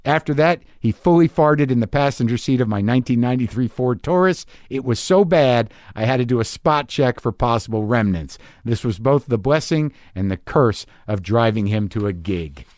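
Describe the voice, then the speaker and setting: Wry, profane podcast host reading emails. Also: male voice, medium pitch, expressive, moderate pace, hardly any pauses, a little mellow, dry recording, clean studio sound. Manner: wry, profane, rambling with frequent restarts. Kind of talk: casual monologue reading listener emails.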